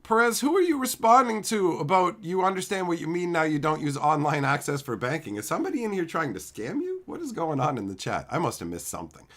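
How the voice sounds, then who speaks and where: A man hosts a casual livestream, answering his chat with boastful, swearing jokes, calling people bro and son. His voice is bright and fairly high for a man, and it leaps around in pitch as he clowns. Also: fast talker, few pauses. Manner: lively swings in pitch and loudness, mock shouting. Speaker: livestream host. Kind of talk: casual livestream chat reading viewer comments.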